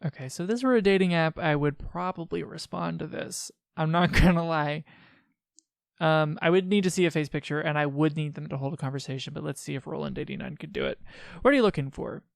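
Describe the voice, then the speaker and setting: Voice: medium pitch, steady tone, fairly quick, creaky, dry recording, clean studio sound. A let's play host giving casual commentary, chatty, with frequent laughs and sarcastic asides.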